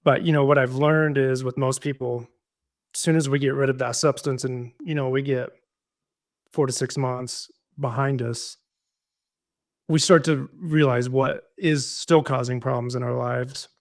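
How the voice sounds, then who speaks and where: A man with an everyday mid-range voice, speaking as a podcast guest. He tells his story slowly and reflectively, with fillers and false starts throughout. It is a casual, unscripted conversation recorded on a podcast mic. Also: medium pitch, fairly even intonation. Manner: reflective, with frequent fillers and restarts.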